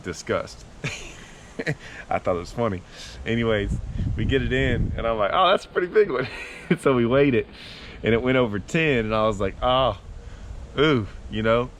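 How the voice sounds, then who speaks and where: Low-voiced man telling a rambling story. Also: a little hiss or hum. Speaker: fishing vlogger. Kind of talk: casual storytelling to camera.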